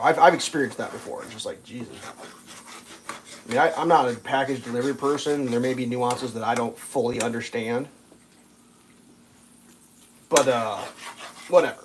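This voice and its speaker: A man's voice: a little high, fairly quick, long pauses, slight background noise. A man hosting a live stream, casually telling a long, exasperated story in a rambling, profane way. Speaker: livestream host.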